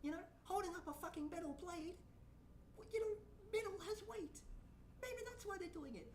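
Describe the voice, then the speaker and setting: A woman's voice: very high-pitched, lively intonation, normal speed, a little mellow, echoey room, recorded from a distance, slight background noise. A woman VTuber streamer giving blunt, profane reaction commentary and ranting at what she watches.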